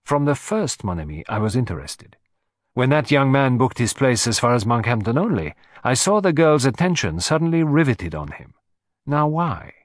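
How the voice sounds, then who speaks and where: A man's voice: medium pitch, very animated, normal speed, dry recording, lightly acted. A smug, theatrical detective who savors every deduction, his clipping each phrase, as a male audiobook reader puts him on. The voice leaps about expressively and sounds dry and close. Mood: explaining. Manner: precise, self-satisfied, theatrical. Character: fussy, proud, shrewd older male Belgian detective.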